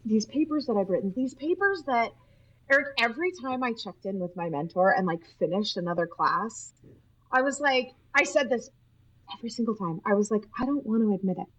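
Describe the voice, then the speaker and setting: Animated woman from Utah telling stories. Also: on the high side, brisk, low-quality recording. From Utah, USA. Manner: animated, laughing, acts out quoted speech. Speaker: podcast guest, nurse. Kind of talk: casual interview storytelling.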